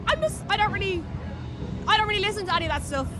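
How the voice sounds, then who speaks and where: A woman's voice: very high voice, expressive, racing, a crowd in the background. A young-sounding Irish woman answering a street interview in an easygoing, chatty way. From Ireland. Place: city street outdoors. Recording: street noise and music behind.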